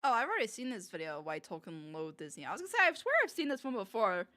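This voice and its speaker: A woman streaming live, reacting to videos in an excitable, giggly way with frequent exclamations. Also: medium pitch, fast talker.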